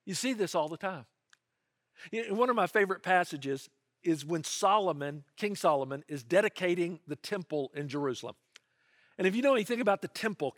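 Animated, high-pitched male preacher. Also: no echo, studio quality. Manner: animated, earnest preaching with conversational asides. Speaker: pastor. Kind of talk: sermon.

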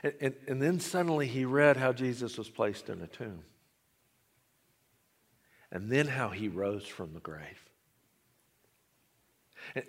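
A man preaching a sermon, telling a story and swinging between hushed lines and emphatic ones. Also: mid-range voice. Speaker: pastor. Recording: long reverb of a large hall.

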